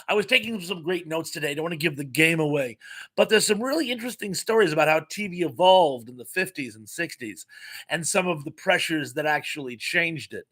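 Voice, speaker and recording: A man's voice: a little high, expressive, brisk, pushed and bright, breathy edge. A middle-aged American man hosting a casual live stream, chatty and jokey, reading viewers' comments aloud and laughing often.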